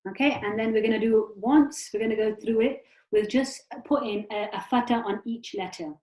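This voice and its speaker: A woman teaching a beginner Quran recitation lesson over a video call. She explains patiently, step by step, with many fillers, then sounds out the letters clearly and with emphasis. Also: on the high side, moderate pace, a little mellow. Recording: roomy video call audio.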